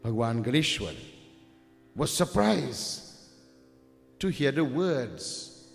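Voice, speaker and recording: Emphatic preacher in a hall. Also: male voice, medium pitch, very animated, takes it slowly, gravelly. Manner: emphatic, repetitive, addresses listeners directly. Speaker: Hindu preacher. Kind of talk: devotional sermon with storytelling. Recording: reverberant hall with faint music.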